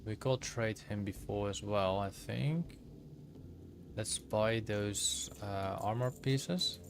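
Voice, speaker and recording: A man's voice: fairly low pitch, slow pace, noisy background. A man streaming a video game and chatting easily with his viewers as he plays. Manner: easygoing, chats with viewers while playing. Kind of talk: casual live-stream chat while gaming. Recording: game music playing under the voice. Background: game music.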